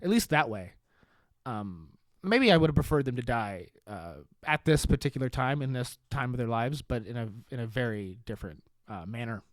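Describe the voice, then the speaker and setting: A man hosting a podcast in a sarcastic comedic monologue, swearing and laughing at his own deadpan jokes. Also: medium pitch, moderate pace, no room sound, studio quality. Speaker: podcast host.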